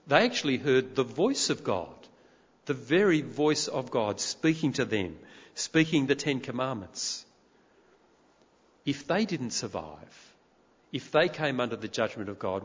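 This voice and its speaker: A man preaching a sermon in a church, emphatic and expressive, firing off rhetorical questions at his congregation. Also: medium pitch, measured pace, husky. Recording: reverberant hall, dull lo-fi sound.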